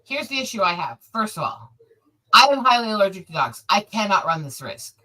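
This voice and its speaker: A woman's voice: mid-range voice, big pitch swings, brisk, bright, forceful tone, low-quality recording. A woman in casual chat who talks bluntly and emphatically and swears freely.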